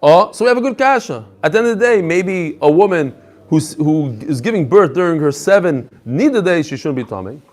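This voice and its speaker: A man teaching a daily Talmud class to a live group in an animated lecture, asking rhetorical questions and mixing English with Hebrew and Aramaic terms. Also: fairly high pitch, brisk.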